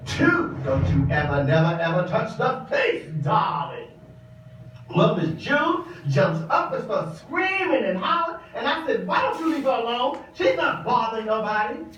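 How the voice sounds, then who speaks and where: A man's voice: very high-pitched, lively intonation, normal speed, few pauses, a bit bright, slight background noise. An actor performing a stage monologue as a sassy, flamboyant older drag queen with a campy, theatrical way of talking who calls the listener darling. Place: large echoing exhibition space. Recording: roomy, distant, dull exhibit recording.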